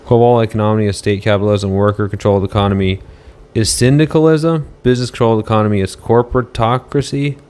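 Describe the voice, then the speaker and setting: A man chatting casually on a livestream from a motel room, rambling and halting as he reads viewer comments aloud. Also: fairly low pitch, steady tone, a little mellow, clear, resonant tone.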